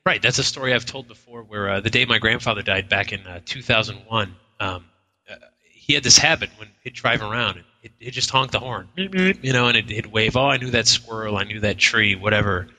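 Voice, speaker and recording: On a live paranormal radio show broadcast from an inn's function room, a male co-host with a lowish, sharp voice talks fairly quickly. He tells stories full of acted-out quotes and restarts in casual on-air chat, and the audio is poor with a big-room sound.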